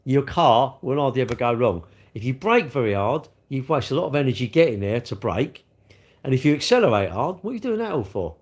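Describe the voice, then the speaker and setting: Man, middle-aged, casual livestream chat, rambling, mid-pitched voice. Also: sing-song, a little fast, husky. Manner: rambling, chatty, reads out viewer comments. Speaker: livestream host.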